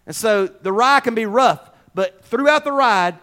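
A man preaching a conversational sermon into a wireless microphone, folksy, dropping to quiet asides and rising to fervent exhortation. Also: very high voice, expressive, measured pace. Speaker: pastor.

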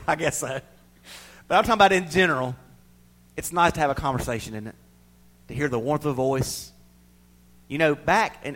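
A middle-aged man preaching a sermon, swinging between loud pleading and soft near-whispers. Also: mid-range voice.

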